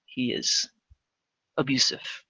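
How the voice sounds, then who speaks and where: A man in a whispered role-play, voicing a character who quietly warns of danger in a low, urgent hush. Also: slow, no echo, rough recording. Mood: hushed warning. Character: hushed man giving a grave warning.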